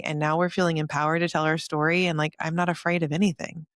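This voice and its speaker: A woman's voice: low-pitched, level tone, fast, no echo, clean studio sound. Gushing woman podcast host. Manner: warm gushing storyteller, many "like" fillers. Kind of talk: casual heartfelt chat. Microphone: studio microphone.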